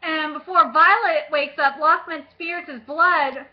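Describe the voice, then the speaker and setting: A young woman vlogger chatting about a book, gushing and excitable, with lots of fillers and casual swearing. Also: high voice, a little slow, muffled recording.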